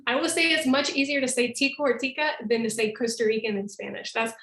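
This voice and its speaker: A woman's voice: fairly high pitch, fast, a bit bright, echoey room, rough recording. Chatty woman presenting on a video call. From North America. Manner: chatty, explains with examples, laughs often. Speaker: presenter living in Costa Rica. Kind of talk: casual online presentation.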